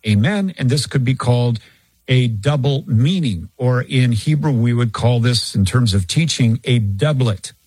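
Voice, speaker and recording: A man's voice: medium pitch, expressive, measured pace, a little mellow, slightly rough, no room sound, rough recording. Man explaining scripture with acted-out examples. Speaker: scripture teacher. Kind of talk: recorded Bible teaching answer.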